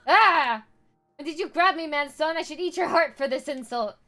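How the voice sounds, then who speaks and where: A woman's voice: high-pitched, normal speed, pushed and bright, soft background music. A woman voicing a sheltered young dragon girl who is skittish yet proud. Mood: frightened. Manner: skittish, flustered.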